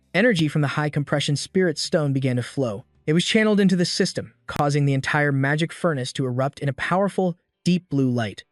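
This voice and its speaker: A man reading a story recap as scripted narration, in a steady, even storytelling manner. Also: fairly high pitch, no echo, studio quality.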